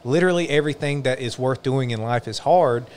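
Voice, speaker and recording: A man's voice: medium pitch, darkish tone. A man hosting a podcast, talking in a reflective, earnest way in casual conversation. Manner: reflective, earnest, drawn-out musing. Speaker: podcast host.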